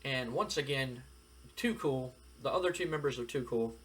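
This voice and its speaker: A man's voice: mid-range voice, moderate pace, a bit bright, a little hiss or hum. A man narrating a wrestling simulation playthrough in a rambling, filler-heavy way. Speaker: game commentator. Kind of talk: let's-play narration of a wrestling sim.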